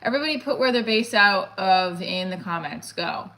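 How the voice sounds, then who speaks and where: A woman's voice: medium pitch, lively intonation, moderate pace, a bit bright, slight background noise. A middle-aged woman, a comedian, chatting casually on a livestream, rambling and reading viewer comments aloud.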